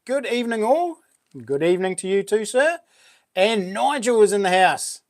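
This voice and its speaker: A New Zealand man hosts a livestream, chatting upbeat and casually and greeting viewers in chat as "buddy" and "mate." His voice is high and expressive, at a moderate pace. The recording is dry, with clean studio sound.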